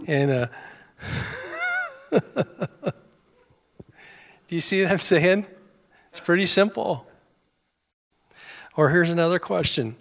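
A male pastor delivering a sermon in a relaxed, folksy manner, slipping in wry jokes at his own expense. His voice sits a little high for a man. The sound rings with the long reverb of a church sanctuary. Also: slow, vocal fry, pauses often. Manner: folksy, conversational, self-deprecating humor.

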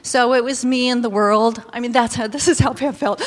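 Woman preacher, lively storytelling, somewhat high voice, reverberant church hall. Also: brisk. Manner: animated storytelling, exclaiming and laughing. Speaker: pastor's wife or preacher. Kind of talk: sermon with personal story.

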